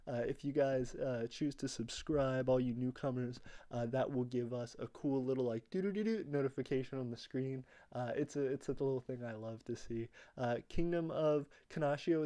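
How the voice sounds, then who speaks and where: A man's voice: mid-range voice, warm tone. A young man hosting a casual livestream, greeting viewers from chat and rambling with lots of fillers. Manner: rambling, reads chat aloud, many fillers. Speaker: livestream host.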